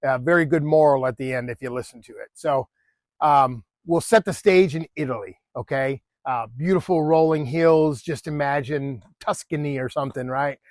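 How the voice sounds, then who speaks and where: A man's voice: mid-range voice, moderate pace, dry recording. A man casually telling a story with a moral, chatty, with many fillers and asides to the listener.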